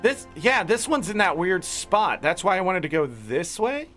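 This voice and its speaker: A man's voice: sits high, very animated, normal speed, fairly bright tone, faint music behind. A young man streaming a video game, swearing and ranting in an exasperated way while he plays. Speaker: gaming streamer. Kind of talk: casual gameplay commentary.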